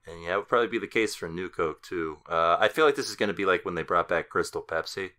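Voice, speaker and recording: A male podcast co-host with a very low voice, who delivers his jokes flat and dry. He chats in an easygoing way. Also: fast talker. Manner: dry, deadpan. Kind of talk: casual chat.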